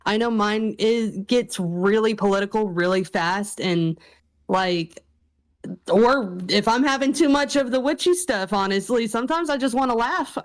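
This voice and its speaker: A woman who is a podcast guest, chatting casually and giving calm, reassuring advice. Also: fairly high pitch, clear, resonant tone, poor audio.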